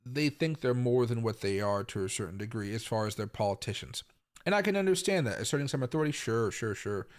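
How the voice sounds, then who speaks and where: A young adult man from the US Pacific Northwest hosts a casual live commentary stream. He rambles and repeats himself, packs his talk with fillers, and now and then breaks into a sudden loud outburst. His voice sits at an ordinary, middle pitch for a man. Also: expressive, quick pace. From Tacoma, Washington, US. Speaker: crypto market livestream host.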